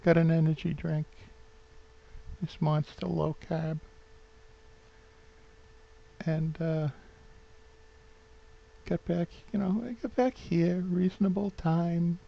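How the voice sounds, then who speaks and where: A man's voice: fairly high pitch, fairly even intonation, slow, vocal fry, long pauses, dull audio. A man in his fifties with a New England accent rambles sentimentally through a home vlog, full of fillers and restarts. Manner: sentimental, gets openly emotional. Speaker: vlogger.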